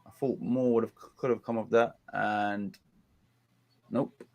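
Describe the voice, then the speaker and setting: A man, hosting a casual live watchalong of a football match. He complains about dull play and gets excited during attacks. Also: lowish voice, a little slow. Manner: chatty, groans at a dull game, excited bursts at attacks. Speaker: watchalong host.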